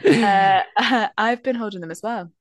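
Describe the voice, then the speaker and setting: A woman co-hosting a podcast, telling stories in casual chat, swearing and animated. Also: medium pitch, measured pace, dry recording. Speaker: podcast co-host.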